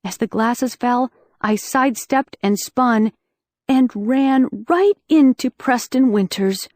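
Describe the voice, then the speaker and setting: A woman reading a first-person audiobook in a lively, wry storytelling manner, on a close studio mic. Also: on the high side, slow pace, no echo. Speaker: audiobook narrator.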